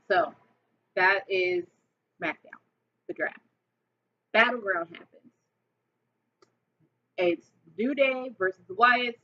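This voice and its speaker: A woman vlogger telling a wrestling storyline in a casual, excited, rambling way with lots of fillers. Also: on the low side, slow, long pauses, lo-fi sound, a little hiss or hum.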